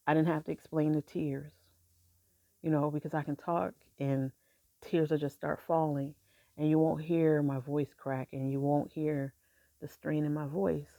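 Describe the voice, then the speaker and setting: A middle-aged woman telling a personal story in a halting, soft-spoken way, with many pauses. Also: low voice, vocal fry, dry recording, lo-fi sound. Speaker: grieving mother sharing her story.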